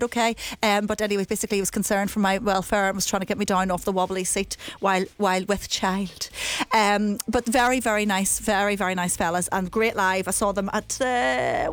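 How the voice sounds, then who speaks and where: A woman presents a radio music show in a chatty, rambling way, full of self-deprecating asides. Her voice sits at a middle pitch. It is recorded close and dry at a studio microphone. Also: no echo.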